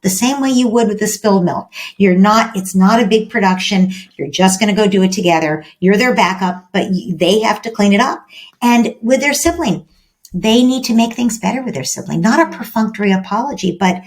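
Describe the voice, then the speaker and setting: A woman's voice: mid-range voice, animated, a little fast. Woman explaining, tagging points with "right?". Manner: acts out gentle parent-child dialogues. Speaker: parenting expert guest. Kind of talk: podcast interview advice.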